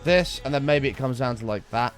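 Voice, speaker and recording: A man's voice: medium pitch, a little fast. A man streaming a game, muttering asides, thanking viewers and reacting casually to a tutorial video. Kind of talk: casual live-stream commentary. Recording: faint background music.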